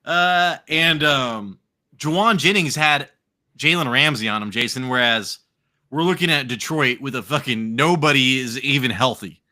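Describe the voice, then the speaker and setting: This is casual live podcast talk from an American man co-hosting a fantasy football show. His voice sits in the mid range and moves at a normal speed, and he's drinking, cursing freely, and rambling with animated energy.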